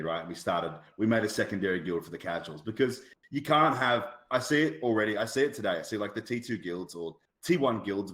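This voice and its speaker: Brief: guy, low register, rambling casual podcast storyteller, echoey room. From Australia. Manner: rambling, with many fillers and asides. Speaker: podcast guest. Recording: roomy echo.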